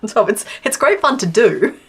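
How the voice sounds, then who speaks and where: A woman's voice: fairly high pitch, very animated, slow, breathy edge. An Australian woman chatting casually on a live stream while she crochets, answering her chat and laughing often.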